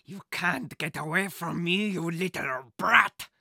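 A storybook reader voicing a menacing adult male thief who growls slow, loud threats. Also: mid-range voice, creaky, slightly rough, dry recording, clean studio sound, heavily acted. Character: menacing red-haired male thief, gruff. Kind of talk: audiobook character voice.

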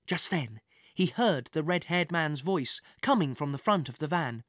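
Storybook narrator, lively dramatic kids adventure read, bright voice, dry close sound. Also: medium pitch, measured pace, dry recording. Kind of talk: scripted children's adventure narration.

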